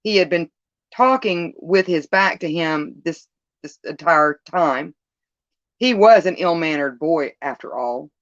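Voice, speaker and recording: A woman storyteller reading a spooky story aloud, expressive, with small slips and self-corrections. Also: low voice, measured pace, no echo, lo-fi sound.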